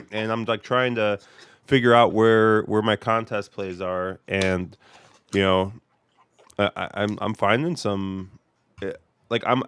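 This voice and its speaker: A man hosting a relaxed podcast chat, his voice stuffy and congested. It sits low and smooth, with many fillers and restarts, and the sound is dry and close. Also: no room sound. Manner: rambling, filler-heavy. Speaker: podcast host. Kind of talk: casual horse racing chat.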